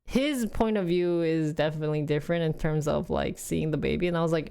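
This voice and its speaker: A young woman chatting casually on a livestream, rambling with frequent laughs and a voice going a little hoarse. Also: low voice, fairly quick, few pauses. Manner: chatty, rambling, laughs often, quotes family in lively bursts. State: losing her voice. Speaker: streamer.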